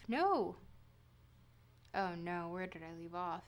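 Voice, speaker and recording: Speaking slowly in a lowish voice, a woman on a livestream reads philosophy in an affected reading accent. Between stumbles and self-corrections, she pauses to tease herself playfully for her chat.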